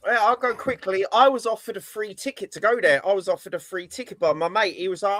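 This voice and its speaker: A man's voice: high-pitched, fast, hardly any pauses, fairly bright tone, no echo. A man on a football podcast panel, talking in a sarcastic, ranting way. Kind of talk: casual football chat.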